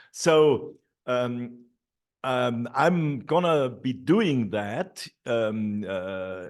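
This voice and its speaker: A middle-aged man giving a teacher training talk, walking through classroom steps with many fillers and repeated et ceteras. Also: mid-range voice.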